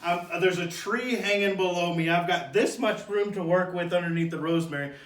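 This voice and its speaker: A man telling a funny personal story in a loose, animated way, bursting into shouts and laughter as he acts it out. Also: high voice, brisk, slight background noise. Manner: animated, shouts and laughs while acting out the scene. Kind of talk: casual spoken anecdote. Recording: echoey room, distant mic.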